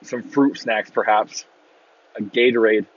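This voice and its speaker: A man ranting casually on a podcast, swearing freely and breaking into loud mocking impressions of fans. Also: on the low side, steady tone, unhurried, dry recording, highs cut off. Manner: profane, exasperated ranting with mocking shouted impressions. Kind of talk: casual rant.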